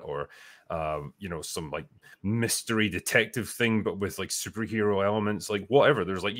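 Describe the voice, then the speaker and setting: A man with a very low voice rambles through a casual livestream chat. He fills his talk with fillers and the odd swear word as he reads out viewer comments. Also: fairly bright tone. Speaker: livestream co-host reading chat.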